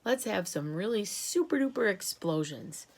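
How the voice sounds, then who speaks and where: A woman voicing a loud, trigger-happy male army chief in a children's story. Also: lively intonation, moderate pace, creaky. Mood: eager. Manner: booming and bombastic.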